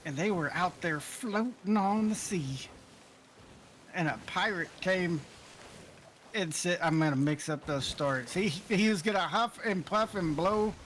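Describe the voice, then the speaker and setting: A man with a fairly high voice fills in for the streamer with light, joking banter. He rambles casually while chatting with viewers during a game, over faint boat and water ambience. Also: measured pace, a bit bright, slight background noise. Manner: playful, jokey and rambling. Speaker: co-player filling in for the streamer. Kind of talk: casual gaming chat.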